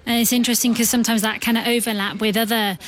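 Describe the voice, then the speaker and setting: A woman presenting a radio discussion, prompting her guests briskly. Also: on the high side, level tone.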